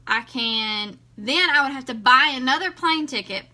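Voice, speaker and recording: A woman's voice: high-pitched, normal speed. A woman, a vlogger telling a story casually to her viewers and acting out the dialogue. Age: 20s. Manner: chatty, animated, acts out dialogue.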